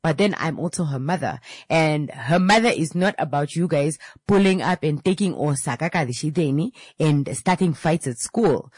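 A woman in her thirties teaches in a casual, chatty way. Her voice sits low and a little husky, recorded dry and close. She acts out the voices in her stories and mixes in slangy asides. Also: lively intonation, normal speed, few pauses, a little mellow, no room sound. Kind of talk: casual lesson with anecdotes.

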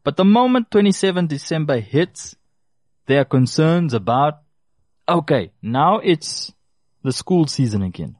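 A man's voice: on the high side, big pitch swings, a little slow, darkish tone, dry recording, clean studio sound. A man giving consumer advice, talking directly to listeners and repeating key phrases for emphasis. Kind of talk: casual advice talk to listeners.

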